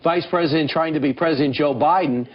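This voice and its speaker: A man's voice: on the high side, fast, highs cut off. A man hosting a casual news chat, setting up clips and often restarting his sentences. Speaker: morning TV host.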